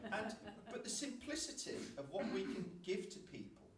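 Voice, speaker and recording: Man, animated storytelling, quick, distant mic, faint hiss. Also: sits high. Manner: animated, laughs often, fast and chatty. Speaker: church member sharing a story. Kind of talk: casual storytelling testimony. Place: church gathering hall. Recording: echoey hall from a distance, faint noise.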